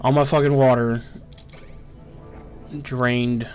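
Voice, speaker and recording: A man with a mid-range voice and a drawl narrates his game live into a desk microphone. He swears freely and repeats "no" in rapid streaks as his colony falls apart. His delivery swings between pleading and fed-up grumbling. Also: medium pitch, little pitch movement, a little mellow, soft background music. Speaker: gameplay streamer. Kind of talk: live gameplay commentary.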